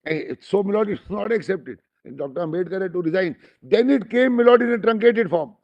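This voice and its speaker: A man's voice: high voice, lively intonation, a little fast, darkish tone. A man with an Indian accent argues formally before judges, deferential and emphatic, constantly addressing the bench. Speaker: lawyer arguing before a bench. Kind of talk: formal courtroom argument. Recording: dull lo-fi courtroom recording.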